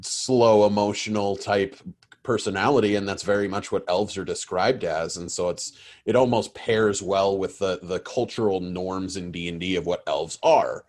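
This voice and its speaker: A man's voice: sits low, normal speed, darkish tone. An American man, the game master of a tabletop podcast, explaining at length in casual chat with many restarts. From United States.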